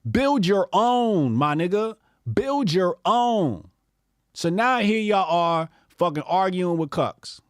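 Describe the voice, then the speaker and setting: This is a man, hosting a political commentary show. His voice sits a little high and swings widely, dropping into low mutters and then jumping up into mocking outbursts. The talk is profane and sneering, and the recording is close and dry. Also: animated, slow, clean tone, no echo. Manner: profane, mocking impressions of opponents.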